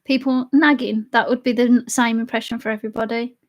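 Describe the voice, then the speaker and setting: Young woman, high voice, casual stream chat, laughs a lot, having a drink. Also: fairly even intonation, quick pace, highs cut off. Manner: chatty and giggly, laughs often. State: drinking alcohol. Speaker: live streamer reading chat.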